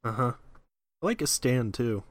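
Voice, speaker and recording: A man's voice: medium pitch, lively intonation, normal speed, no echo, studio quality. A man co-hosting a podcast, chatting casually with wry, joking asides. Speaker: podcast co-host. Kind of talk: casual chat recapping an anime episode.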